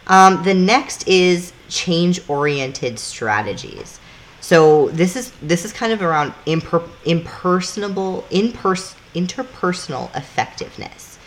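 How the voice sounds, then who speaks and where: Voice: mid-range voice, animated, measured pace. A podcast co-host, explaining things in loose, casual chat that swears freely and acts out little scenes.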